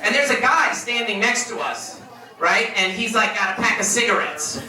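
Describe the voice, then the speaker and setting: A man giving a eulogy for his best friend, telling stories in a casual, animated way with laughs and swearing. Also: high voice, normal speed. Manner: animated, laughing storyteller who swears freely. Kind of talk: memorial speech, casual storytelling. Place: room at a memorial gathering. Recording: echoey room, distant mic, crowd.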